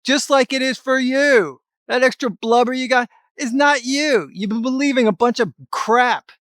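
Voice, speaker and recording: A middle-aged man pitches his fitness advice straight at the viewer. He talks in a rather high voice, blunt and emphatic, with a bit of mild cursing. The room sounds dry, with no echo. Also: moderate pace, fairly bright tone. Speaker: fitness vlogger. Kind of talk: motivational talk to camera.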